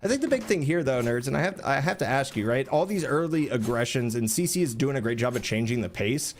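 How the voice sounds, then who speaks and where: A man casting an esports match, explaining plays analytically and getting excited during fights. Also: mid-range voice, quick pace, a little hiss or hum. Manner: analytical, asks rhetorical questions, rises excitedly during action. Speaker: esports caster. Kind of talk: play-by-play commentary.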